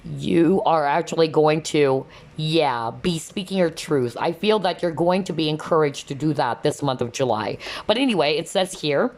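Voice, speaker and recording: A woman's voice: low voice, moderate pace, few pauses, darkish tone. A woman giving a casual tarot card reading to viewers, losing her voice, chatty and full of "kind of, like" and "okay?".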